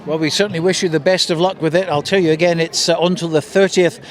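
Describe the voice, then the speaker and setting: A man's voice: a little high, fairly even intonation, quick pace. A man presenting radio street interviews outdoors, chatty and jokey as he plugs show times.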